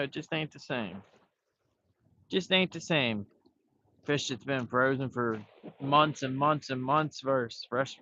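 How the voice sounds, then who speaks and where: A man's voice: medium pitch, fairly bright tone, a little hiss or hum. Laid-back man fishing, lo-fi phone audio. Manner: laid-back, talks to himself while fishing. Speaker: fishing livestream host. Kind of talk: casual rambling live chat. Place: outdoors by the water, fishing.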